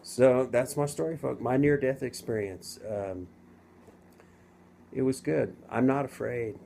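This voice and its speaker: A middle-aged man casually telling his own story to camera, rambling and halting with many restarts. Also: medium pitch, gravelly, warm tone, a little hiss or hum. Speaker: vlogger telling his near-death story.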